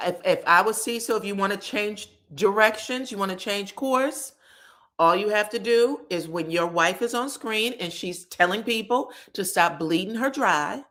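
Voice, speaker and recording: Sassy woman host, chatty gossip commentary, mid-pitched voice. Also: fairly bright tone. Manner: sassy, chatty, calls viewers "child" and "girl". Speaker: pop culture commentator. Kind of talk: casual reality TV gossip commentary.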